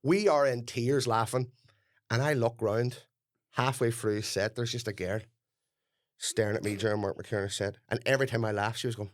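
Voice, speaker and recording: A man's voice: medium pitch, normal speed. A young Irish man, a comedian co-hosting a podcast, ranting through stories in casual chat. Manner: animated ranting storyteller.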